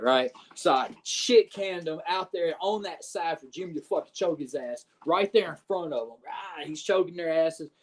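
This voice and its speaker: A pro wrestler guesting on a podcast tells animated, profanity-laced stories, checking in with his listener by repeatedly saying "you know what I'm saying." His fairly high voice has a breathy edge, and he talks at a moderate pace with few pauses.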